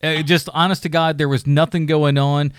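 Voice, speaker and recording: A man's voice: a little high, little pitch movement, moderate pace, clean tone, dry recording, clean studio sound. Profane rambling man on a podcast. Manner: profane, rambling, laughs often. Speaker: podcast co-host. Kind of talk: casual film review chat.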